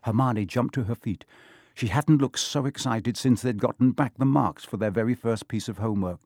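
A man's voice: mid-range voice, normal speed, darkish tone, dry recording, studio quality. Man narrating a storybook. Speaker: audiobook narrator. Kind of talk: scripted narration.

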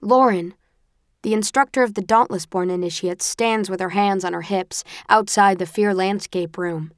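A woman narrating a first-person audiobook with a tense, expressive storytelling manner. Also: mid-range voice, normal speed, dry recording, clean studio sound.

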